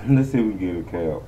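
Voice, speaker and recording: Male gaming streamer, lower voice, casual and profane, chatting to his audience. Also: heavy background noise. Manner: profane, rambling, talks to viewers. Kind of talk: casual gameplay commentary.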